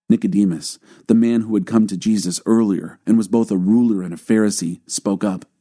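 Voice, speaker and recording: A man narrating a scripted Bible reading with a calm, steady delivery. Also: on the low side, brisk, few pauses.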